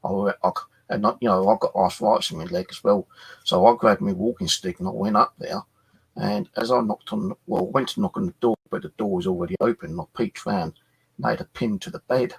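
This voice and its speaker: Bloke chatting on his channel, fired up, bit husky, low gravelly voice. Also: a little fast. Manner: animated, swears, acts out quoted exchanges. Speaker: channel host. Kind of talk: casual storytelling chat. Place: flat.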